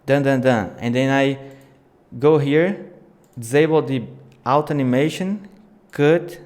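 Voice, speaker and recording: A man hosting a live video editing tutorial, thinking aloud in unhurried, with small slips. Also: medium pitch, darkish tone. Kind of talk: live screen-share tutorial.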